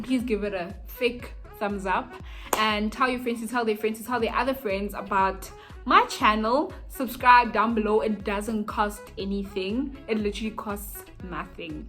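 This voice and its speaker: Bright-voiced South African woman vlogger. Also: medium pitch. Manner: animated storyteller, chatty and self-mocking. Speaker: YouTuber. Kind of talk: storytime vlog.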